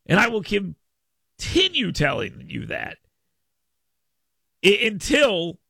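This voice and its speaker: A man's voice: sits high, wildly swooping pitch, slow, creaky, bright, forceful tone, husky, no room sound, clean studio sound. A man hosting a political talk radio show, ranting sarcastically. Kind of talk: opinionated talk radio monologue.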